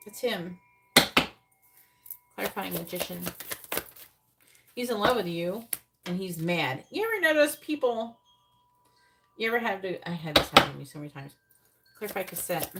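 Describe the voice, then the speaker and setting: A woman's voice: lively intonation, creaky, very noisy. Blunt, profane woman tarot reader. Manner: blunt and profane, with frequent laughter; mutters card draws in a low, quick undertone. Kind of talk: live-streamed tarot reading, casual chat.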